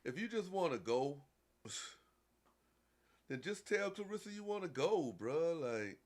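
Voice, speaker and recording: A man's voice: a little high, sing-song, a little slow, a little mellow, no room sound. A man hosting a call-in show, commenting on a clip in a casual, slangy, mocking and scolding way.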